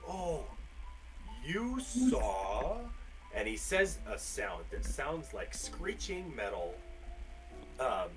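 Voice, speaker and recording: Lively man running a tabletop game. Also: fairly low pitch. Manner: lively, lots of fillers and restarts. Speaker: game master. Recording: distant mic with faint music.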